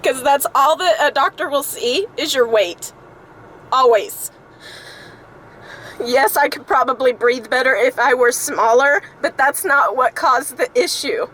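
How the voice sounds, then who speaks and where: Frustrated woman vlogger, somewhat high voice, ranting to her phone in the car. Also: measured pace, fairly bright tone, slight background noise, poor audio. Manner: exasperated, frustrated venting. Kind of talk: angry personal vlog rant.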